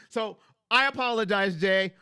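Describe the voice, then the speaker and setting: Bright high-voiced man streaming to chat. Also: clean tone, dry recording, clean studio sound. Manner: emphatic, repetitive, talks straight to chat. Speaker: fan livestream host. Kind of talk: casual livestream chat. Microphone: headset.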